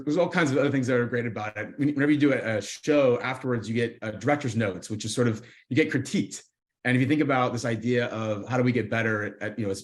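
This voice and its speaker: A man talking as a sales executive guest on a podcast, earnest, with filler repeats. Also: mid-range voice. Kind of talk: casual interview chat.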